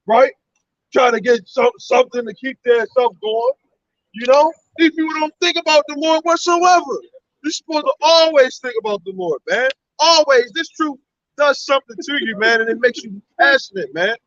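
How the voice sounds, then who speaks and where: A man's voice: very high-pitched, a bit bright, no echo. A man talking casually and heatedly in a group conversation, rambling and laughing often. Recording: dull lo-fi audio.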